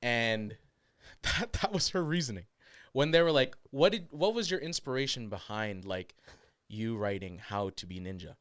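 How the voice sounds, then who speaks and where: A young man co-hosting a casual podcast chat, telling animated stories and slipping into mock voices. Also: mid-range voice, moderate pace, clean tone, dry recording, studio quality. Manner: animated storytelling, slips into mock accents and voices. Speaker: podcast co-host.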